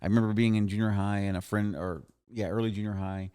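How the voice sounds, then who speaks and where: A man hosting a podcast in casual chat, rambling excitedly with many restarts and a lot of slang. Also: lowish voice, quick pace, clear, resonant tone. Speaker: podcast host.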